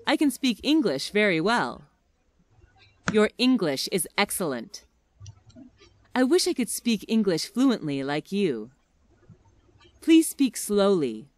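A woman reading short everyday English phrases one by one for listening practice, with careful, expressive enunciation. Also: medium pitch, takes it slowly, long pauses.

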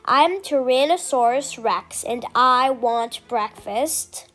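A bragging male tyrannosaurus from a children's picture book, put on by a woman reading aloud. He announces himself in a high voice and unhurried, roaring declarations. Faint music sits underneath. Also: a bit bright. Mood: boastful. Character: huge boastful male tyrannosaurus hunting breakfast.

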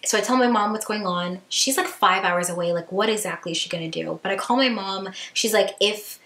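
A woman vlogger recounts a story in a lively, chatty voice, sprinkling in fillers and acting out what people said. Her pitch sits in the middle of the range. The room gives the voice a noticeable echo. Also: brisk. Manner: animated storytelling full of "like" and acted quotes. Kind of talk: storytime vlog.

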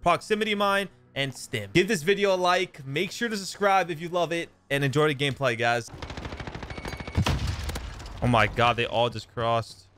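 Young man, gameplay commentary, excitable, slightly high voice. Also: normal speed, a little hiss or hum. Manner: excitable, swears and exclaims at game action. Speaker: gaming YouTuber.

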